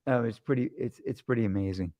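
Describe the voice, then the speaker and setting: A man's voice: medium pitch, warm tone, no echo. Rambling jokey male host, dry sound. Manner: rambling, jokey storytelling with quick asides. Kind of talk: casual chat.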